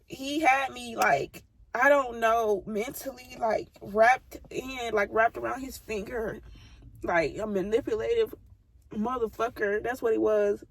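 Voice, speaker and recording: A woman's voice: on the high side, gravelly. A young woman vlogger telling a personal story in a blunt, heated, profane way. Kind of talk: casual storytime.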